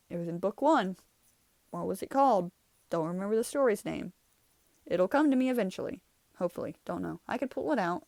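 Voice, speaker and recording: A woman's voice: lowish voice, gravelly, darkish tone, no echo. Casting: young woman, chatty rambling host, dry close sound, laughs easily. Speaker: channel host. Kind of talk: casual art review chat.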